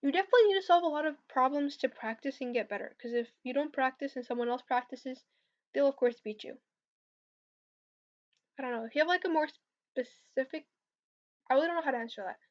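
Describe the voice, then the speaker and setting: A woman's voice: high voice, fast, long pauses. A young woman answering viewer questions about competitive programming on a casual livestream, hesitant with lots of fillers. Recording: slightly dull lo-fi stream audio.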